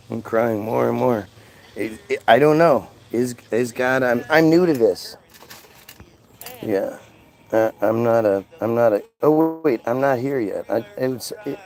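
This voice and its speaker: In a rough recording, a man with a mid-range, slightly mellow voice hosts a livestream and reads chat. He talks casually, with a sarcastic, mocking, and profane tone.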